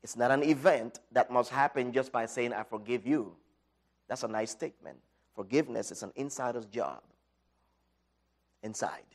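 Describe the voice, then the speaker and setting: A middle-aged man giving an inspirational talk, telling a personal story with dramatic swings from loud to quiet. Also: mid-range voice. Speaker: speaker.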